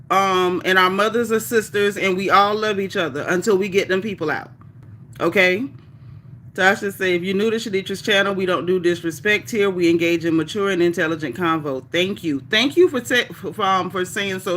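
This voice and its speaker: A woman hosting a casual livestream, reading viewer comments aloud in a chatty, animated, folksy way. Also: mid-range voice, a little hiss or hum. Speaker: livestream host reading chat. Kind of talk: casual live chat.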